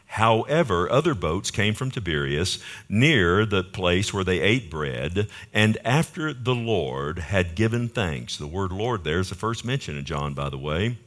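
A man's voice: sits low, sing-song, measured pace, few pauses, fairly bright tone. A man pastor preaching a verse-by-verse sermon, emphatic and often asking the congregation questions.

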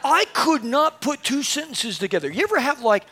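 A man preaching a sermon, telling a funny personal story in an animated, self-mocking way and acting out the dialogue, then urging his listeners on, sometimes up to a shout. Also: very high voice, moderate pace.

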